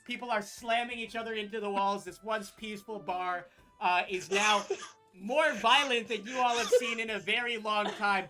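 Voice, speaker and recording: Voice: medium pitch, fairly even intonation, normal speed, music in the background. A dungeon master narrating a tabletop game, hesitant with fillers, building the scene.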